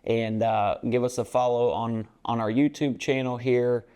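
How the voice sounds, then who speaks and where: A man's voice: mid-range voice, flat delivery, unhurried, dark tone, clean tone. A basketball coach co-hosting a podcast, a man talking earnestly about team culture in a rambling, casual way with many fillers. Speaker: basketball coach and show co-host.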